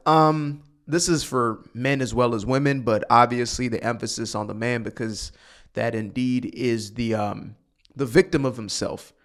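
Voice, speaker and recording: A man hosting a casual reaction commentary, talking straight to his viewers with sighs and sudden bursts. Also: mid-range voice. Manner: animated, sighing, talks to viewers directly. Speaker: commentary channel host.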